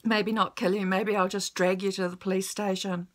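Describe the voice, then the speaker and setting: A woman's voice: mid-range voice, little pitch movement, normal speed. A woman telling a personal story on camera, emotional and blunt, swearing freely.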